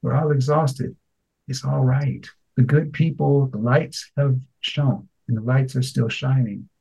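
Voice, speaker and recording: A middle-aged man co-hosting a radio talk show, chatting and telling animated stories, sometimes slipping into a grandfatherly voice. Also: mid-range voice, a little slow, vocal fry, slightly rough, low-quality recording. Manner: animated storyteller, slips into a warm grandfatherly voice. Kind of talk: casual chat.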